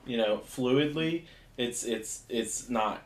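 A young man with a Jersey-Philly accent chats casually as a podcast co-host. He talks haltingly, breaking off and starting over mid-thought. The recording carries a roomy echo. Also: medium pitch. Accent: Jersey/Philadelphia. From northeastern United States. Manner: hesitant, trails off and restarts often.

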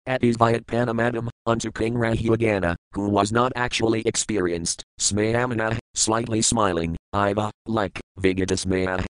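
A man reading scripture aloud in a steady, measured recitation of verses and word glosses. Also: medium pitch, smooth, no room sound, rough recording. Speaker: reader.

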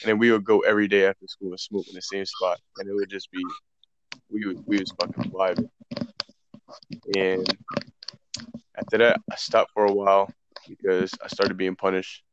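Low-voiced young man telling stories, swearing. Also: moderate pace, long pauses, background noise. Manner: loose, profane, animated retelling with quoted dialogue. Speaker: podcast co-host. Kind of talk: casual storytelling among friends. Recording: dull, dry lo-fi sound.

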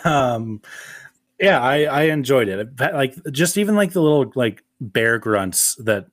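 A man's voice: mid-range voice, animated, measured pace, no room sound. Chatty man, dry close sound. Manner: laughs often, filler-heavy. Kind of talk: casual movie review chat.

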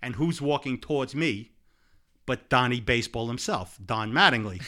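A man telling a long, lively personal anecdote in casual conversation, laughing along as he goes. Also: medium pitch, normal speed. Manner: animated anecdote-telling with laughs and repeated "blah, blah". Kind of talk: casual storytelling chat.

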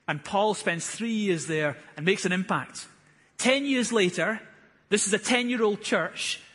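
A man in his thirties preaches from the front of a church hall, his voice pitched fairly high with a touch of huskiness. He speaks earnestly and builds to fervent, emphatic bursts. Long reverb from the hall trails every phrase. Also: fairly bright tone, breathy edge. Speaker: pastor. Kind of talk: sermon.

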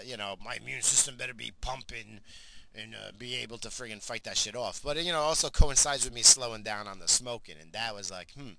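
A man's voice: medium pitch, bright, forceful tone, a little hiss or hum, rough recording. A middle-aged man telling a rambling, profane story about his family in a casual vlog. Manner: rambling, profane, lots of fillers. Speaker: vlogger, father.

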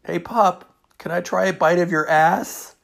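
A man voicing a cheeky thirteen-year-old boy who shouts his teasing across the table. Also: high voice, fairly even intonation, a little slow, vocal fry, pitched above the performer's own voice, exaggerated voice.

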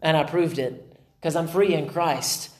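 A male pastor delivers a conversational sermon in a fairly high voice. He slips into quick voices for the people in his stories. The room around him is noticeably echoey. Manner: conversational, acts out quoted voices.

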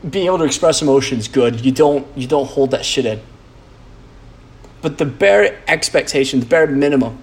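A man's voice: a little high, darkish tone. A man, a podcast host, rambling in a casual monologue, blunt and profane, full of "like" and restarts.

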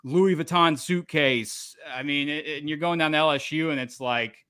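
A man hosting a podcast, giving opinionated, animated takes in casual chat. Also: a little high, fast talker, clean tone, no echo, studio quality. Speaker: podcast host.

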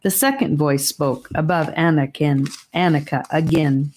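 Woman reading a fantasy audiobook, calm and measured, pretty low and slow. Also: slight background noise. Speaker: audiobook narrator. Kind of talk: audiobook narration.

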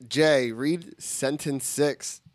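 A man with an ordinary mid-range voice hands out tasks to his friends. He keeps his prompts short and directive within a relaxed chat. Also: medium pitch, drawn-out words. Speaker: quiz giver. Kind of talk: casual chat.

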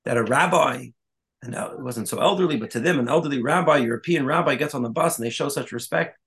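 A rabbi giving a conversational Torah talk, telling stories with Hebrew and Yiddish terms and quick asides. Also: male voice, mid-range voice, a bit bright.

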